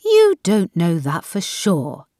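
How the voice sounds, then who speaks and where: A woman voicing an eager, romantic wife who coaxes and pleads in a raised, lively voice. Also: lowish voice, slow, no echo, clean studio sound, full character voice. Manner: eager, pleading, bright-toned.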